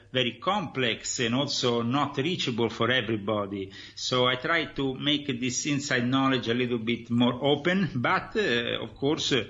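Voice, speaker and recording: A man from Italy with an Italian accent, a guest author speaking haltingly in a radio interview with many pauses. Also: medium pitch, bright, forceful tone, highs cut off.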